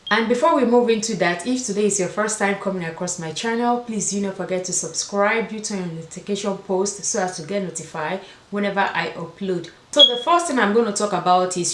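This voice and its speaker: A woman's voice: on the low side, roomy sound. A woman with an African accent talking casually to camera as a fashion vlogger, repeating words for emphasis. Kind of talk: casual vlog talk to camera.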